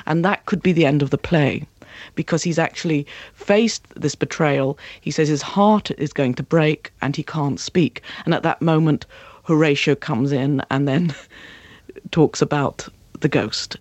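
A woman acting and voice coach, talking passionately as an interview guest and slipping into slow, dramatic readings of verse. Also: low voice, darkish tone, dry recording.

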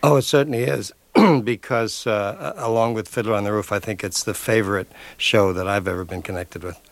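Older guy talking about writing lyrics, thoughtful and measured, dry close studio mic. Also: on the low side, steady tone, no room sound. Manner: reflective, measured. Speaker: lyricist guest. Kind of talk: radio interview. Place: radio studio.

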